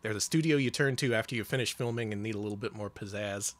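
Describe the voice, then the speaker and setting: A man's voice: fairly low pitch, fast talker. A man co-hosting a casual gameplay chat, joking, laughing often and swearing freely. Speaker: co-host playing a game.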